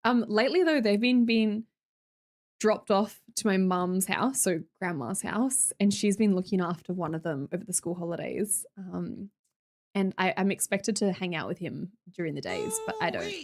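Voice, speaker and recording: A woman's voice: mid-range voice, expressive, moderate pace, darkish tone. A young Australian woman chatting casually as a streamer, reading viewer comments aloud and joking around with a teasing, chatty manner. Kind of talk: casual chat with live viewers.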